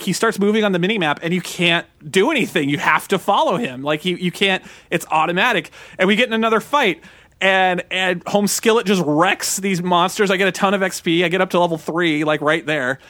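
A man in his late thirties with a high, bright voice, chatting casually as a podcast co-host. He tells stories with lots of acted-out quotes. The sound is dry and close. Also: brisk, no echo. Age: 30s. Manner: animated, acts out quotes in a high put-on voice. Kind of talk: casual chat retelling a game.

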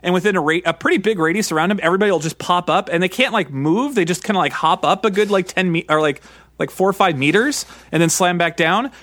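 A man in his thirties co-hosting a podcast, chatting excitedly and rambling with lots of fillers. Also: sits high, quick pace, no room sound. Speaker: podcast co-host. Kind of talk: casual chat.

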